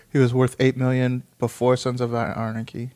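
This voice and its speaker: A man's voice: medium pitch, level tone, unhurried, darkish tone. Rambling man reacting to an article. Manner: rambling, profane, reads aloud then reacts. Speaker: commentator reading an article. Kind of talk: casual reaction commentary.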